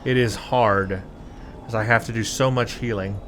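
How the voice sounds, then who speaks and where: A man's voice: fairly low pitch, fairly even intonation, normal speed, background noise. A man hosting a let's play, giving gameplay commentary in a self-deprecating, exasperated way.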